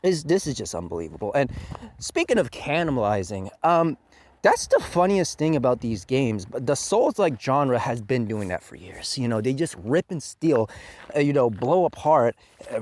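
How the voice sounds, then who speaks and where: A man giving a profane, exaggerated game review rant, veering from loud outraged outbursts to low muttered asides. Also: very animated, moderate pace, dry recording.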